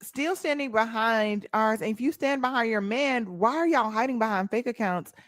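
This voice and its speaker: A woman's voice: on the high side, moderate pace, a bit bright, dry recording, clean studio sound. A young woman with an African American Vernacular English accent, hosting a casual livestream and talking back to her chat in a sassy way. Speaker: livestream host.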